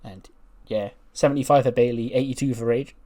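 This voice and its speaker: A man's voice: medium pitch, fairly even intonation, fairly quick, dark tone. A man narrates his simulated wrestling show in a casual let's-play style. He is loose and chatty, dropping the odd swear word as he recaps matches. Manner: loose, chatty, mildly profane. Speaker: game channel host.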